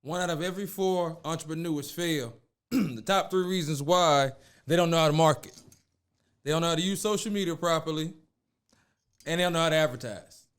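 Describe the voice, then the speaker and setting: Animated, high-voiced man podcast host. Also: brisk, smooth. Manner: animated storyteller, acts out voices, laughs often. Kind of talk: casual podcast chat.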